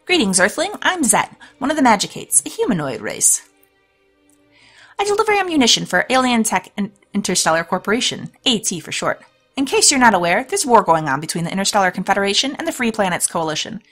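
A woman's voice: mid-range voice, sing-song, fairly quick, fairly bright tone, faint music behind. A woman doing a condescending chatty alien. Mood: explaining. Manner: rambling, condescending.

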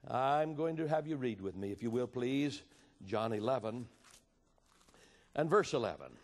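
A man's voice: medium pitch, lively intonation, measured pace. Impassioned male preacher in a reverberant hall. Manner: impassioned, swinging from loud appeals to hushed storytelling. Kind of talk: sermon.

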